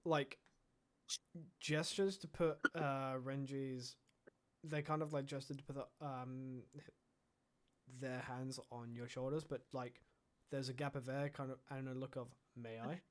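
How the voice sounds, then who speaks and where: A man's voice: medium pitch, little pitch movement, a little slow, pauses often. A man playing in a tabletop role-playing game, talking hesitantly with many restarts and fillers. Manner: hesitant, lots of ums and restarts. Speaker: player. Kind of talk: tabletop role-play chat.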